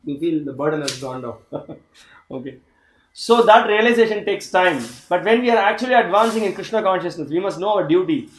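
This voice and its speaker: A man's voice: high voice, animated, fairly quick, reverberant, rough recording. A man teaching a scripture course, reading passages aloud and commenting on them. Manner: reads aloud and comments, with laughs. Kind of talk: scripture class lecture.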